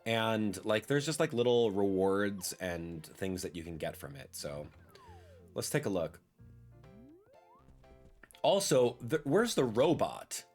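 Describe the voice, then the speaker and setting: A man with a fairly low voice gives casual let's-play commentary. He swings his pitch up and down a lot and keeps up a chatty, playful patter. Faint game music plays behind him. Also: very animated, slow, long pauses, a little mellow. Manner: chatty and playful, with cheerful asides. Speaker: gaming video host.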